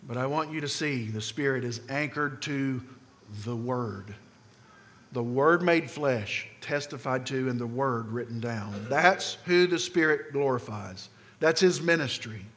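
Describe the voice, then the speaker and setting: A man preaching a sermon with emphasis, putting questions to the congregation and swinging between loud and soft passages. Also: mid-range voice, a little slow, slight background noise. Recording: long hall reverb.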